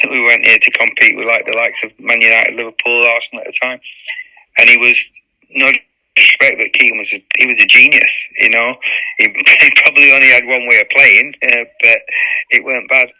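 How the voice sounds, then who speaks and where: A man in his fifties, a former footballer and interview guest, telling a story in lively chat, acting out quotes and swearing freely. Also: mid-range voice, fairly quick, low-quality recording.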